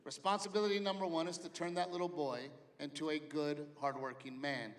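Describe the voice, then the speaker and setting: A middle-aged man doing a stand-up comedy routine, animated storytelling that acts out his family members. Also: on the high side, fairly quick. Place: large theater with live audience. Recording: live venue reverb, audience noise.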